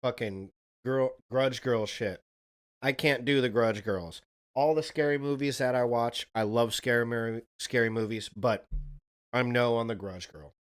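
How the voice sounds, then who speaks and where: A man's voice: mid-range voice, a little slow. Rambling, profane male livestream host. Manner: rambling, profane, chats with viewers. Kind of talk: casual livestream reaction chat.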